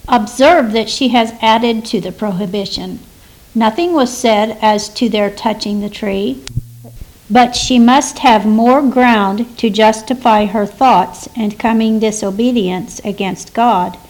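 A woman giving a measured, deliberate reading of a devotional commentary. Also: mid-range voice, a little mellow, rough recording. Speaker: reader.

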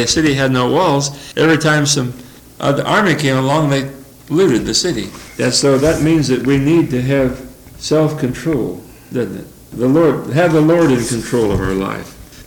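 Gravelly older man, folksy Bible teaching. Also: on the high side, low-quality recording. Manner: folksy, rambling, chuckles between thoughts. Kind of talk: informal Bible study talk.

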